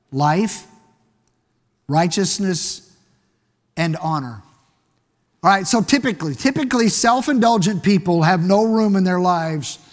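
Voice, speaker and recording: A man preaching a sermon in a church, emphatic, often repeating words and asking the congregation questions. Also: high-pitched. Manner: emphatic, repeats words while building a point; asks the congregation rhetorical questions. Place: church sanctuary. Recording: long church hall reverb.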